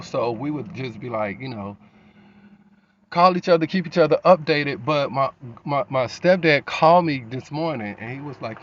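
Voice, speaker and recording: A man's voice: mid-range voice, fairly bright tone, slight background noise. Grieving man telling a rambling story. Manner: rambling, emotional storytelling with frequent restarts. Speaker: vlogger. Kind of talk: emotional personal monologue. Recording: slightly dull lo-fi recording.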